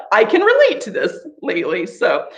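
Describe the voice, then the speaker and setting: A woman's voice: medium pitch, fairly bright tone. A woman leading a live online laughter yoga session, playful and laughing often, chanting ho ho ha ha between tips. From United States.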